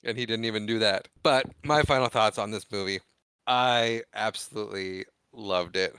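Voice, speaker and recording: A man's voice: fairly low pitch, normal speed, sharp tone, clean tone, dry recording. A man co-hosting a podcast, retelling film scenes in casual chat and acting out the lines. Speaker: podcast co-host.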